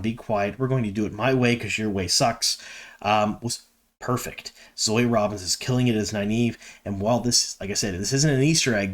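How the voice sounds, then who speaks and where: A man from Canada hosting a fan video, talking casually and enthusiastically with frequent ums and asides. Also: lowish voice. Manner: chatty and enthusiastic, many ums.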